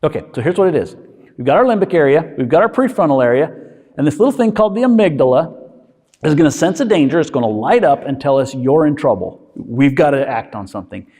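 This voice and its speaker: Lively male doctor lecturing in a hall. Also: fairly high pitch. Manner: checks in with listeners with frequent "okay?"; acts out inner voices in quick asides. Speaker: physician lecturer. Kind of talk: conversational lecture.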